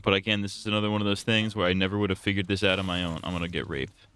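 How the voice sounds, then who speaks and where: A man's voice: deep voice, fairly even intonation, racing, a bit bright, smooth. A young man casually talking to himself while livestreaming a game, rambling and swearing often. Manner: profane, rambling self-talk. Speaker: streamer. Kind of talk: casual gameplay livestream commentary.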